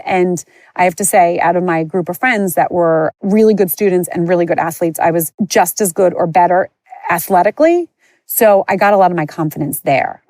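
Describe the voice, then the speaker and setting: A woman's voice: fairly low pitch, darkish tone, no echo. A woman podcast host candidly telling her own life story in a chatty, conversational way. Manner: candid, chatty, frequent "like" and "you know". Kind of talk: personal storytelling.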